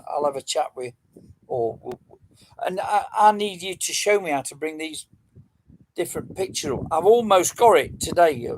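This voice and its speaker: A man's voice: a little high, darkish tone, slight background noise, low-quality recording. A middle-aged man, rambling casually as he hosts a livestream quiz and chats with viewers. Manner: chatty, rambling, answering comments.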